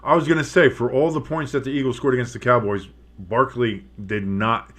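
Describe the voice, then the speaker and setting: A man's voice: mid-range voice, steady tone, brisk, fairly bright tone. A tired man doing casual play-by-play commentary on a football game from his home setup, breaking off the calls with asides and other scores. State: tired, yawning. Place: home studio with a dog and fireworks outside.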